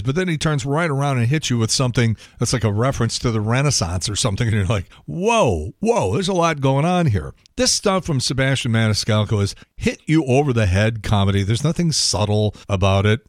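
A man's voice: mid-range voice, no echo, studio quality. Blunt, grumbling middle-aged man. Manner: blunt, opinionated, grumbling rant with swearing. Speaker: podcast host. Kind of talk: casual monologue, movie review.

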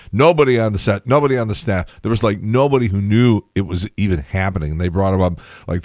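A man's voice: on the low side, no room sound, clean studio sound. A tired man hosting a casual solo podcast, telling chatty, wry stories with asides and laughs. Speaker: podcast host.

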